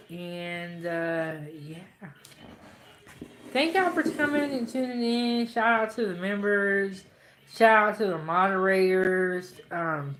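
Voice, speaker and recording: A woman's voice: lowish voice, a bit bright, a little hiss or hum. A woman hosting her cooking channel, chatting casually and playfully, laughing at herself and tired after eating. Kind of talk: casual chat to camera.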